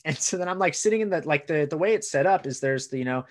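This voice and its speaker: A man's voice: a little high, rapid-fire, few pauses. A young man, a comedian, telling a story in casual chat, swearing and acting out the voices of others. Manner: lively storyteller, profane, acts out voices. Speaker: comedian and podcast co-host.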